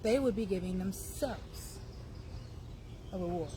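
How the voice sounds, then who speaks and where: A woman hosting a casual livestream outdoors by her car. She talks in an animated way, often laughs and chats to her viewers over a phone. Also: medium pitch, a little slow, pauses often, background noise. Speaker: livestream host.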